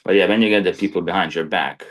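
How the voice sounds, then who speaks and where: A man's voice: low voice, quick pace. A man who is a crane supervisor, talking in casual podcast chat, plain-spoken and peppered with "you know".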